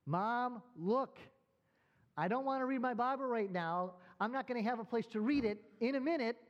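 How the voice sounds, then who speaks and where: A man's voice: high-pitched, brisk, dull audio, close to an everyday voice. A preacher voicing a broke, frustrated young man who pleads in an agitated, raised voice. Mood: desperate.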